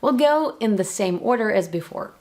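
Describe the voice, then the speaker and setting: A woman with a Russian accent, a native Russian speaker, teaching the language to viewers slowly and clearly, with playful spoken examples. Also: mid-range voice, lively intonation, darkish tone. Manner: slow, clear, playful demonstrations. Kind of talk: explaining to viewers.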